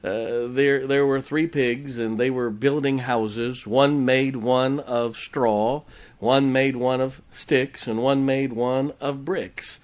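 A man's voice: medium pitch, steady tone, slow. A man preaching a sermon in a church, folksy and joking as he tells a story to the congregation. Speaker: pastor. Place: church sanctuary.

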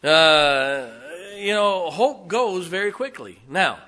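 A middle-aged man preaching a sermon, telling folksy stories and swinging from hushed asides to loud, emphatic lines. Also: high-pitched, expressive, slow. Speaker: pastor.

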